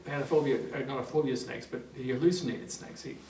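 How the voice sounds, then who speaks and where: A man's voice: mid-range voice, fast, a little mellow. A man working as a trainer, telling an anecdote in a seminar in a rambling way, full of fillers and restarts. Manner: rambling, many fillers and restarts, chuckling storyteller. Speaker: NLP trainer. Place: training room. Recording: roomy hall, distant mic, faint noise.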